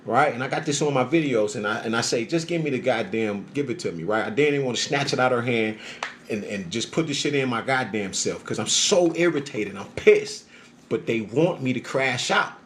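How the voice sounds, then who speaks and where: A man telling a story in casual, profane street talk, often checking in with "right?", moving between a low calm murmur and loud heated bursts. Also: brisk, a little hiss or hum. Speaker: storyteller recounting his experience. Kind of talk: casual monologue.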